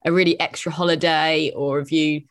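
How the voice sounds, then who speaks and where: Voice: medium pitch, little pitch movement, fairly quick, a bit bright, dry recording. Upbeat interviewer asking q's, dry close recording. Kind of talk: casual interview.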